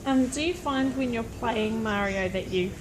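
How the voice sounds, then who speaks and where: A woman's voice: on the high side, moderate pace, a crowd in the background. A woman in the audience asking a panel question, a little hesitant. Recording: phone recording in a noisy hall.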